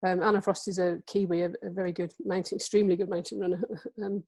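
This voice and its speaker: A woman's voice: fairly low pitch, little pitch movement, quick pace, darkish tone, no room sound. A woman in her forties from England giving an illustrated book talk, speaking hesitantly with many fillers and restarts, and reading passages from her book.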